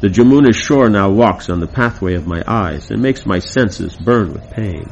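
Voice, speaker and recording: A man's voice: fairly low pitch, expressive, normal speed, creaky, a little mellow, lo-fi sound, slight background noise. A man reading aloud the part of a lovesick young woman in a devotional play, lamenting.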